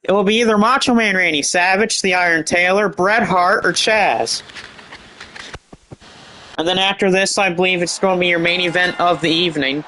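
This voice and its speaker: A man giving excited, rambling play-by-play commentary over a wrestling game, with chatty asides. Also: high voice, moderate pace, rough recording.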